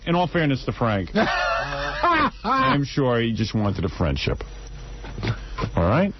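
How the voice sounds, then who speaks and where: A man's voice: medium pitch, huge pitch swings, slow pace. A male radio show host doing comic banter, needling the people around him and laughing often. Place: radio studio. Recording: dull, noisy radio broadcast.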